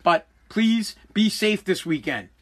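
A man with a Boston accent hosting a solo podcast, ranting loudly and combatively with plenty of swearing. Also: sits high, lively intonation, slow pace. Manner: loud, combative ranting with profanity. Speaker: podcast host.

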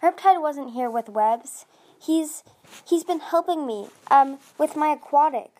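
A woman's voice: fairly high pitch, expressive, normal speed, natural voice. A woman voicing a fierce young female sea dragon princess, urgent and defiant.

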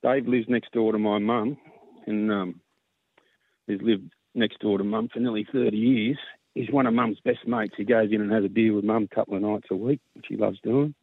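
An Australian man calling in to a radio show, chatting casually and warmly, sometimes getting emotional. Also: on the low side, steady tone, normal speed, dry recording. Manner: heartfelt, gets emotional. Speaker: caller. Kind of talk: casual phone-in chat. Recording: tinny phone line.

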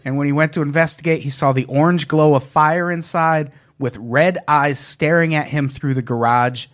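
A man hosts a laid-back podcast, reading spooky stories aloud and joking around with his friends. He tells them with a lively, shifting pitch and laughs easily.

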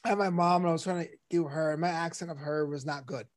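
A man's voice: fairly high pitch, fairly even intonation, quick pace. A man hosting a casual comedy podcast, playful and teasing, laughing often as he talks. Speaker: podcast host.

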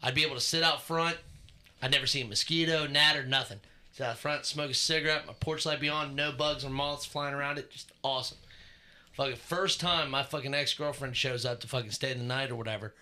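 A man co-hosting a podcast, telling stories in a casual, profane, animated way and getting loud when he gets worked up. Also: mid-range voice, brisk. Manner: profane, animated storyteller who shouts when excited. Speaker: podcast co-host. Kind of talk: casual chat.

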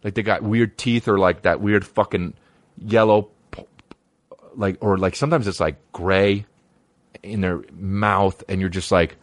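A man's voice: sits low, fairly even intonation, a little slow, dry recording. A young man reacting to videos in rambling, profane casual commentary, full of stammered restarts.

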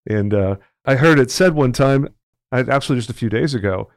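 A man's voice: mid-range voice, fairly quick, dry recording, clean studio sound. A man from Texas who hosts a podcast and talks in a chatty, joking, friendly way. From Texas, United States. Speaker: podcast host. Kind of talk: casual interview chat.

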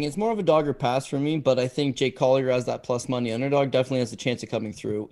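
A man co-hosting a casual podcast, giving emphatic, quick breakdowns of fights and betting picks. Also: medium pitch, a little mellow, no room sound. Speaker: co-host, fight analyst.

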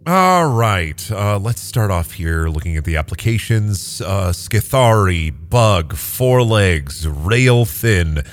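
Male game master with a low voice that swings widely in pitch, halting delivery full of fillers. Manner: lively, halting with many fillers. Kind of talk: narrating a tabletop game.

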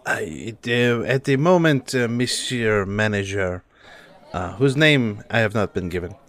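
A man playing a tabletop role-playing game, speaking in a halting, formal way in character. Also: lowish voice, a bit bright. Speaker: player.

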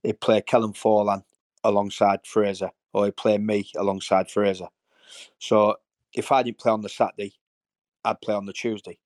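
A man's voice: lowish voice, little pitch movement, moderate pace, a little mellow, no room sound. A man, a former footballer telling stories in a rambling, emotional way. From Hull, England. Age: 50s. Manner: rambling, repeats words, emotional. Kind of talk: casual storytelling interview.

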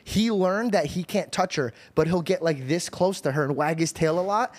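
A man hosting a podcast, hyper and rambling as he tells stories, jumping up in pitch when he quotes people. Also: normal speed. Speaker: podcast host. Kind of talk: casual chat.

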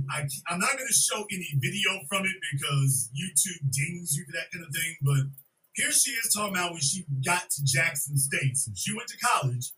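A man's voice: a little high, pushed and bright, distant mic, low-quality recording. A man hosting a podcast, giving blunt, slangy commentary on clips and repeating his points. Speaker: podcast host.

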